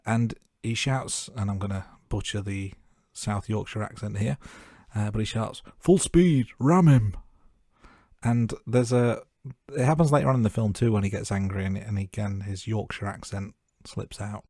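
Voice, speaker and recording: A man's voice: lowish voice, normal speed, hardly any pauses, darkish tone, no echo, studio quality. A man co-hosting a film podcast, chatting casually and joking at his own remarks. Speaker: podcast co-host. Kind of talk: casual film-review chat.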